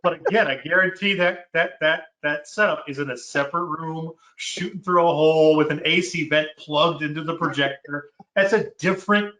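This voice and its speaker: Bright-voiced man explaining technical design. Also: on the high side. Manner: technical, measured explainer with fillers. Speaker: product manager. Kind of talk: casual chat. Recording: roomy echo.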